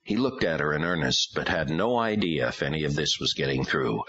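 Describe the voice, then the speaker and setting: A man's voice: very deep voice, expressive, a little fast, few pauses, bright, forceful tone, breathy edge, dry recording. A man narrating an audiobook and voicing its dialogue. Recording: dull lo-fi audio.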